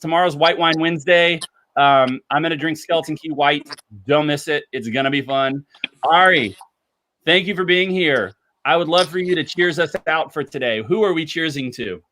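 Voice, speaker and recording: A man hosting a casual livestream, chatty and enthusiastic, with lots of fillers, talking indoors under bright lights. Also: on the high side. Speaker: livestream host.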